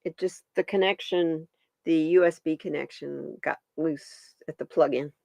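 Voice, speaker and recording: A woman's voice: deep voice, fairly even intonation, measured pace, gravelly, a little mellow, no echo. A woman hosting a live stream, chatting casually with viewers and her pets while she pulls stones and cards.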